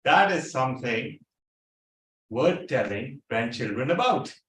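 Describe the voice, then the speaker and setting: A man tells a funny tale in a lively, theatrical way, his voice swooping up and down. He stands some way from the mic, and the echoey room carries his voice. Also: mid-range voice, measured pace, recorded from a distance, slight background noise. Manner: animated, theatrical. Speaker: club speaker. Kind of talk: humorous storytelling speech. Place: meeting room.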